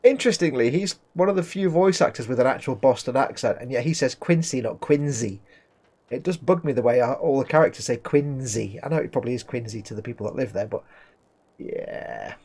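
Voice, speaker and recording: A man's voice: mid-range voice, brisk, a little mellow, slightly rough. A man casually commenting while streaming a video game, chatty and wry, reading chat messages aloud.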